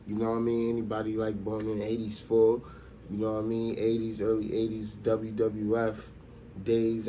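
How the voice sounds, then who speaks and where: A man's voice: lowish voice, warm tone, slight background noise. A man of about forty hosting his own show, telling a loose, rambling personal story and often asking whether the listener knows what he means. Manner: rambling, loose, constantly says "you know what I mean". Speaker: host. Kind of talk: casual storytelling monologue.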